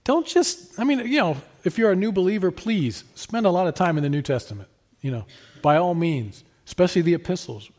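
A man preaching a sermon in an earnest, emphatic way, rising to stress his points and then dropping soft. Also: sits high, animated, fairly quick. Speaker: pastor.

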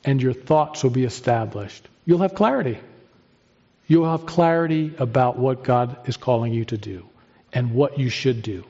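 A male pastor preaching a sermon with emphatic delivery, drawn-out pauses and rising stresses. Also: mid-range voice, mellow, highs cut off.

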